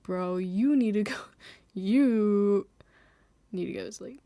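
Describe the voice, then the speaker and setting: A woman's voice: mid-range voice, slow, pauses often, warm tone, no room sound. A young woman chatting casually on a live stream from home, rambling, giggling and mocking herself, sometimes dropping to a whisper.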